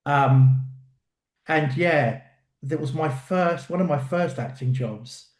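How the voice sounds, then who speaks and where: Animated actor telling stories. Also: male voice, fairly high pitch, slow pace, roomy sound. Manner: animated storyteller, acts out quotes, many fillers. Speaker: actor, interview guest. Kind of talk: casual anecdotal interview.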